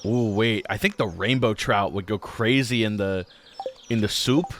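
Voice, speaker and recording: A man's voice: lowish voice, measured pace, a bit bright. A man hosting a gaming channel, rambling casually through let's-play commentary with many filler words.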